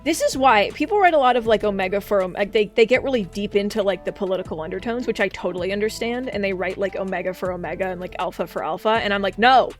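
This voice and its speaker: A woman streamer chatting casually and excitably, often swearing and breaking into laughter. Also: mid-range voice, fast talker, few pauses. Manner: excitable, swears a lot, frequent laughing outbursts. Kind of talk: casual live-stream chat. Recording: faint background music.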